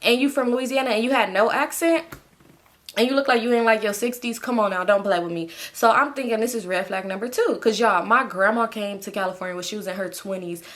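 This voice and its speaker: A woman's voice: medium pitch, a little fast, a bit bright. A young woman telling a storytime vlog in a casual, slangy way, swearing freely and talking straight to her viewers. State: sleepy. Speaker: storytime vlogger.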